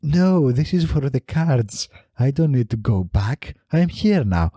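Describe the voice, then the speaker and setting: A man's voice: mid-range voice, very animated, a little slow, dark tone, breathy edge, no room sound, clean studio sound, voice pushed up, full character voice. A man voicing a smug French woman who brushes off complaints and justifies herself. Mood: dismissive. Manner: dismissive, self-justifying.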